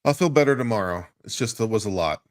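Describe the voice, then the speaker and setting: Low-voiced guy cohosting a stream, kinda subdued, stops and restarts. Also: expressive, dry recording, clean studio sound. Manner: subdued, halting, restarts words. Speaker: livestream co-host. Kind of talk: casual livestream chat.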